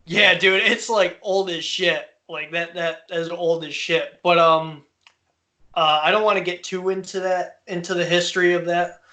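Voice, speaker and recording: Bright, high-voiced laughing podcast host man. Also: normal speed. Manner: profane, laughing, animated storyteller. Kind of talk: casual storytelling chat.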